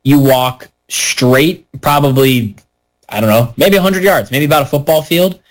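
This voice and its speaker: Animated storytelling man, casual chat. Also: mid-range voice, a little slow, poor audio. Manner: animated storyteller, acts out quoted voices.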